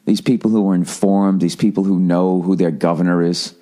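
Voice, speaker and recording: A man's voice: low-pitched, steady tone, brisk, mellow. A middle-aged American man hosting a podcast, ranting comically with heavy swearing and frequent restarts. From United States. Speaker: podcast host. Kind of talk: comedic podcast rant.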